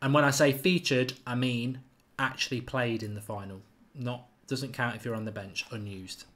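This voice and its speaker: A man hosts a live football quiz stream. He chats casually and reels off viewers' names and answers at a quick clip. His voice sits at an ordinary middle pitch. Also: steady tone, fairly bright tone. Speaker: football channel host running a live quiz. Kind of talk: live-stream chat reading viewer comments.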